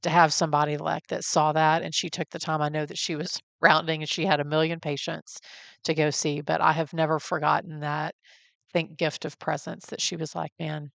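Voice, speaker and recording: A woman's voice: low-pitched, flat delivery, fairly quick, vocal fry, fairly bright tone, dry recording. A woman hosting a podcast interview, affirming her guest and sharing an emotional personal story. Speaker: podcast host.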